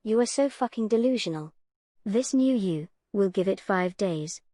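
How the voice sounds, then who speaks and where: A woman's voice: medium pitch, lively intonation, moderate pace, warm tone, a little hiss or hum. A woman hosting a reaction video, blunt and mocking, swearing in her sarcastic commentary. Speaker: reaction channel host.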